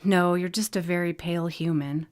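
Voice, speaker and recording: Lady reading as a gentle teasing fairy healer, soft and kind, lowish storybook voice. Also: fairly even intonation, moderate pace, lightly acted.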